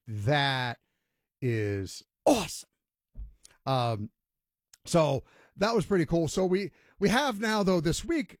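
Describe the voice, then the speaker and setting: A man's voice: high voice, dry recording, clean studio sound. A man hosting a sports talk radio show, ranting emphatically and mocking others in voiced quotes.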